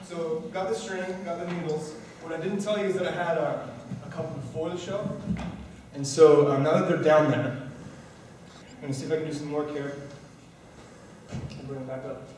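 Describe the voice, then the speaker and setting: A man's voice: a little high, fairly even intonation, normal speed, darkish tone. Young man telling a rambling magic-trick story. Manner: rambling, casual, full of fillers. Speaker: magician performing at a talent show. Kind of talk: storytelling patter during a card trick. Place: college talent show stage, large room. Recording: echoey hall, voice far off, noisy.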